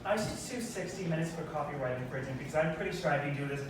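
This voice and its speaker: A brash male stand-up comic with a fairly high voice who delivers punchy lines and quick asides. He is picked up from a distance in a very echoey room, with steady noise behind him. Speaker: stand-up comedian. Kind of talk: stand-up comedy set. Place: performance venue.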